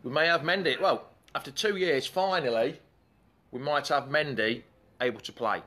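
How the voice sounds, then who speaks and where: A man's voice: on the high side, normal speed, sharp tone. A man hosting a live fan chat show in a chatty, rambling way, breaking off to greet commenters.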